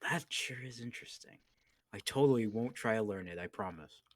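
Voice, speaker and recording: A man playing a reckless, not-so-bright male pirate adventurer with sly, playful denials. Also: mid-range voice, big pitch swings, racing, slightly rough, voice pushed up.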